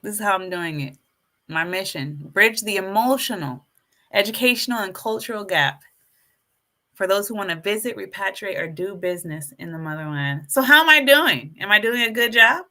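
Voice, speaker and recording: A woman's voice: medium pitch, normal speed. A woman hosting a casual live stream, addressing her viewers as folks and getting more and more fired up as she preaches. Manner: animated, preachy, hypes herself up. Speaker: YouTube live stream host.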